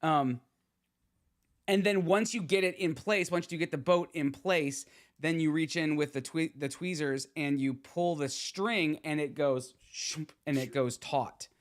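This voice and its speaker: A man's voice: fairly high pitch, measured pace. A man, hosting a podcast in loose casual chat, full of fillers and restarts. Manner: rambling, many fillers and restarts. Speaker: podcast host.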